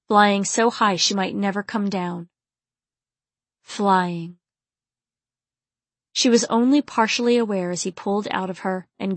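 A woman narrating an erotic romance novel in a soft, low, intimate reading. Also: no room sound. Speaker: audiobook narrator.

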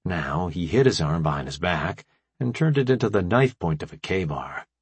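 A man narrating an action audiobook in a steady, dramatic storytelling manner. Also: deep voice, moderate pace, husky, no echo.

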